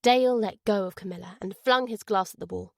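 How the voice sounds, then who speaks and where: A woman narrating a thriller audiobook in a steady, measured way. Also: mid-range voice, gravelly, no echo, clean studio sound. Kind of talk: scripted narration.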